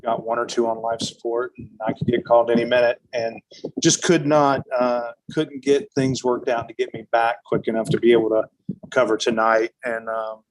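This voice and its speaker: An intensive care clinician squeezes in a few words on a video call between duties. He speaks earnestly, pausing often to search for words. His pitch is middling, and a faint hiss sits under his voice. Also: little pitch movement, rough recording. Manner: hurried, earnest, with frequent hesitations. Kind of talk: informal video-call remarks.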